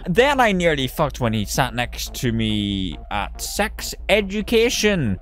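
Animated man reading absurd fill-in stories. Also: mid-range voice, soft background music. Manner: animated, breaks into laughter, rushes asides. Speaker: streamer. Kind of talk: reading silly fill-in-the-blank stories aloud.

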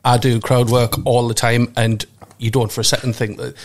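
A man's voice: medium pitch, flat delivery. A comedian, chatting casually on a podcast and often restarting his sentences. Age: 40s. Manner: fast, restarts often, jokey. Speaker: stand-up comedian guest.

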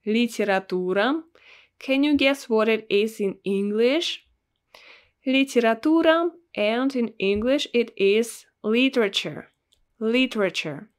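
Slow, patient Russian-accented woman teacher. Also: fairly high pitch. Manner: patient, repeats each word slowly. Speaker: language teacher. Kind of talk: slow, clear language lesson.

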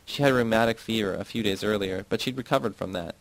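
A man reading as a calm, insistent woman. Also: lowish voice, fast talker, no echo, lightly acted. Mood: firm.

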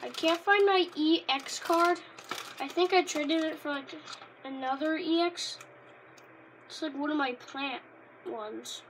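A woman rambling casually in a vlog, easily delighted and bursting into loud exclamations. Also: high voice, a little slow, long pauses, a little hiss or hum. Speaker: Pokémon card reviewer. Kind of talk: casual unscripted vlog chat.

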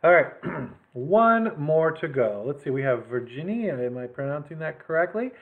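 A man hosting a children's library story time, reading picture books aloud with animated delivery and chatty asides. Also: a little high, moderate pace. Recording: lo-fi phone-like sound.

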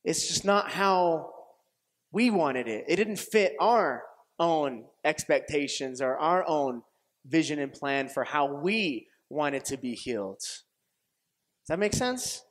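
A man preaching a sermon as pastor, telling stories with lively acted-out quotes and frequent laughter, often restarting phrases and checking with his audience. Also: a little high, slow. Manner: animated storytelling, acts out quoted voices, laughs often; repetitive restarts, asks audience questions.

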